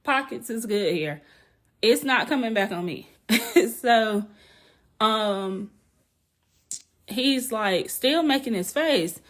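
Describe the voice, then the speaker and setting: A woman hosting a casual podcast, telling a story in an animated, blunt way, laughing often and swearing casually. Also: fairly high pitch, takes it slowly, pauses often. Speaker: podcast host.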